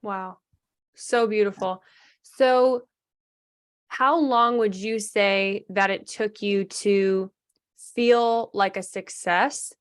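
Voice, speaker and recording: A woman's voice: medium pitch, steady tone, very slow, clear, resonant tone. A woman hosting a podcast who affirms her guest and asks long questions in several parts. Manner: warm affirming, rambling multi-part questions. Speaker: podcast host. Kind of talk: interview questions.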